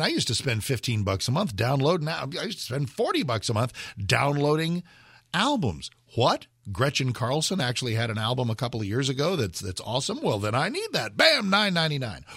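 A man hosting a radio talk show, rambling casually and jumping his voice up high for emphasis. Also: fairly bright tone, breathy edge, dry recording, clean studio sound.

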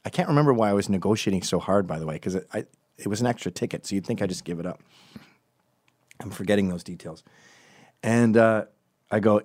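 A man with an American accent telling comic stories in a rambling, digressive way with deadpan asides. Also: fairly low pitch, fast, long pauses, no echo, studio quality. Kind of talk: comedic storytelling monologue.

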